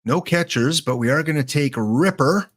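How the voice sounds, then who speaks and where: A man's voice: a little high, moderate pace. A man hosting a live game stream, thinking aloud as he picks players and chatting to his viewers. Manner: thinks aloud while picking cards, mutters names; chatty asides to chat viewers. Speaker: livestream host. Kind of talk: live gameplay commentary.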